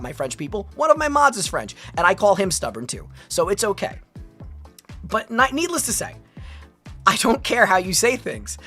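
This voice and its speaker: A woman's voice: mid-range voice, fairly bright tone. An American woman streaming, chatting casually and animatedly with many laughs and rambling asides. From United States. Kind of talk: casual livestream chat.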